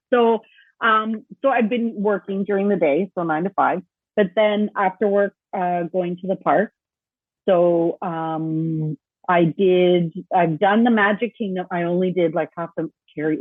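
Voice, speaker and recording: Woman co-host, chatty and laughing, husky tone, thin remote-call sound. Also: lowish voice, a little slow, no room sound. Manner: chatty, laughs often, acts out quoted voices. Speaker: podcast co-host. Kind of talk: casual chat. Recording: tinny phone-like remote line.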